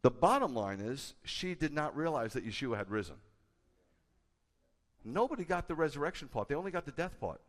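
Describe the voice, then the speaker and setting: A man, a rabbi, preaching a sermon with a conversational manner and bursts of loud, emphatic delivery. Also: fairly high pitch, brisk. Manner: animated, rising to loud emphatic peaks. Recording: hall with long reverb.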